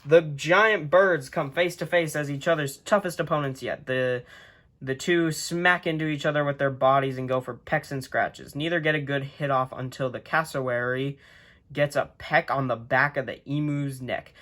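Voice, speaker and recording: A man's voice: mid-range voice, fairly even intonation, normal speed, fairly bright tone. A young man casually narrating imagined animal fights, playful and prone to laughing at his own slips. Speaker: channel host. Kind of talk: casual narration of a book-based animal tournament.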